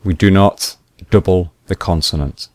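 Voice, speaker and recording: A man teaching English grammar rules slowly and deliberately, repeating each point with examples. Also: low voice, a little mellow, dry recording, clean studio sound. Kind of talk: slow explanatory grammar lesson.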